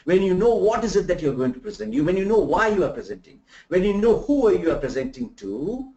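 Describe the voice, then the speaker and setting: Animated male trainer in a roomy room. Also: sits high, fairly quick. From India. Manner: animated, rhetorical questions, demonstrates examples. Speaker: soft skills trainer. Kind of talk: live remote lecture. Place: room in Bangalore. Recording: roomy, dull lo-fi sound.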